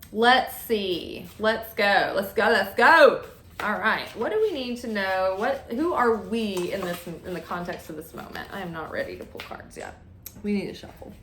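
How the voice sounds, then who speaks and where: A candid, talkative woman hosts a casual tarot reading, laughing easily between thoughts. Her voice sits at a middle pitch. The recording has a noticeable roomy echo. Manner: chatty, candid, laughs often. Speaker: tarot reader. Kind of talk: casual chat while reading cards.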